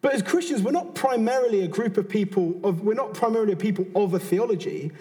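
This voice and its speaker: An earnest man with a British accent gives a conversational sermon, doubling back on his words and adding asides. His voice sits fairly high and sounds mellow and soft-edged. Long reverb from a large hall trails behind him. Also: quick pace. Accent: British English. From Britain. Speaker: preacher.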